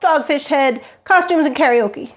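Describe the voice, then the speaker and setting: A woman's voice: high voice, a little slow. A woman co-hosting a casual beer chat at home, teasing with brief replies. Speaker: co-host.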